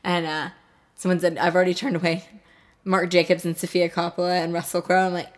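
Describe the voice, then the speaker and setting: A woman's voice: fairly low pitch, flat delivery, brisk. A woman co-hosting a casual movie chat, talking in a loose, chatty way with restarts. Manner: chatty, trails off and restarts, laughs easily. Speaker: podcast co-host.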